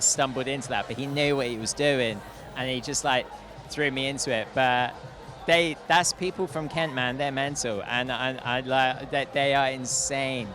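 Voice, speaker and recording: A male comedian telling a rambling story full of fillers in a casual interview outside a venue. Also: medium pitch. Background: music.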